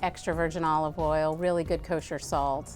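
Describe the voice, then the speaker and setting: A woman's voice: deep voice, steady tone, moderate pace, darkish tone, soft background music. A woman, founder of a food brand, talking earnestly as a guest in a TV interview and saying "like" often. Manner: earnest, chatty, says "like" often.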